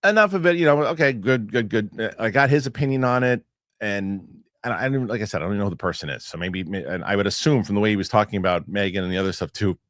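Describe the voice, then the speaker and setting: A man hosting a casual podcast chat, telling an animated, rambling story full of restarts and repeated words, into a close studio mic. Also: fairly low pitch, quick pace, dry recording. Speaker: podcast host.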